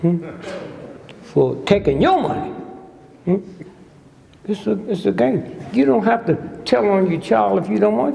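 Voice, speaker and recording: A man's voice: fairly high pitch, lively intonation, measured pace, creaky, pauses often, warm tone. An older man giving a humorous lecture to a live audience, sly and teasing, constantly prodding the crowd with "hmm?". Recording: long hall reverb.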